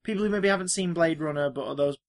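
A man's voice: a little high, quick pace. A man co-hosting a podcast, chatting casually and swearing, joking and breaking into silly voices. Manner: animated, sweary, jokey, puts on silly voices. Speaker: podcast co-host. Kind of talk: casual banter.

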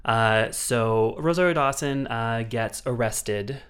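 A man's voice: mid-range voice, takes it slowly, a bit bright, clear, resonant tone. A man in a casual podcast chat, recapping a film plot in a rambling way, full of fillers and restarts.

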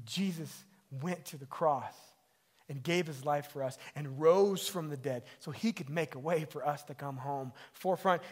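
High-pitched pastor guy, middle-aged, preaching casual then punchy. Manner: conversational preaching, rising to emphatic peaks. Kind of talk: sermon.

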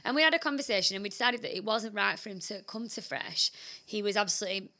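A woman's voice: medium pitch, fast, pushed and bright. A young woman co-hosting a casual business podcast, talking chattily with frequent laughs and mild swearing. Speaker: podcast co-host, recruitment business owner.

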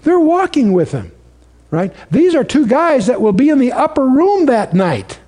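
A man's voice: very high voice, very animated, moderate pace, mellow. A man preaching a sermon in a conversational, storytelling way, asking the audience questions.

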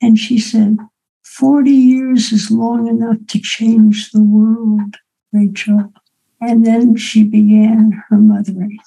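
Slow, gravelly older woman telling stories. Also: a little high, dark tone, low-quality recording. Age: 80s. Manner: unhurried, reflective, with asides of "right?" and "okay?". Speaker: storyteller. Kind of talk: personal storytelling to an audience.

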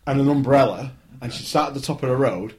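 Casual: husky guy, laid-back, swears, chatting. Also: medium pitch, fast talker, darkish tone. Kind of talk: casual podcast chat.

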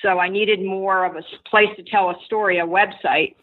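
A woman entrepreneur, a podcast guest, telling her story in lively anecdotes. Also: medium pitch, normal speed. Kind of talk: interview answers, storytelling. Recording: tinny phone line.

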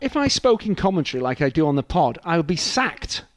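A man's voice: fairly high pitch, brisk, no echo. A man with a Mancunian accent, a football commentator joking around in casual podcast chat. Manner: lively, animated, jokey.

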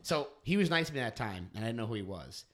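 A man from the East Coast of the US tells a crude story on a casual podcast. His bright voice rises and falls a lot, and he swears freely. He acts out other people's lines loudly. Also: medium pitch, sing-song, quick pace. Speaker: podcast co-host.

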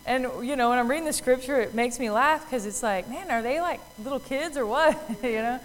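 A woman's voice: sits high, brisk, big-room sound, slight background noise, low-quality recording. Chatty woman telling a Bible story. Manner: chatty storytelling with many fillers, acting out voices. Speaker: Bible teacher. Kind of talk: casual Bible talk.

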